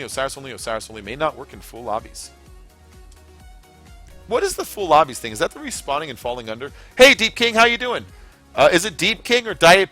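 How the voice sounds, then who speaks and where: A man's voice: mid-range voice, pushed and bright. A man streaming a racing game, rambling casually to his chat viewers with lots of fillers. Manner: rambling, chatty, many fillers, talks straight to chat viewers. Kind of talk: casual live-stream commentary while racing.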